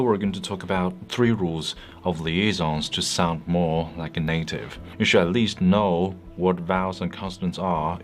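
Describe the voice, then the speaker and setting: A man narrating a scripted pronunciation lesson in a clear, patient, explanatory way. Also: low voice. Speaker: English pronunciation teacher.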